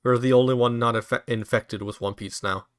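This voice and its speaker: A man's voice: medium pitch, steady tone, normal speed, clear, resonant tone, dry recording. A young man streaming a game, chatting casually with a friend, swearing and laughing easily. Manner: laid-back, swears casually, laughs often. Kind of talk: casual chat while gaming.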